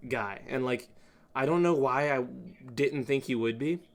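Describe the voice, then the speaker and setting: A young man hosting a podcast, telling stories in an animated, casual way and laughing often. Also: medium pitch, moderate pace. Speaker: podcast host. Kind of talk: casual chat.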